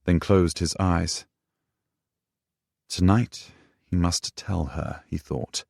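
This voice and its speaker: A man narrating a romance audiobook in a measured, unhurried way. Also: low-pitched, steady tone, gravelly, darkish tone, no room sound, studio quality. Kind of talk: scripted narration.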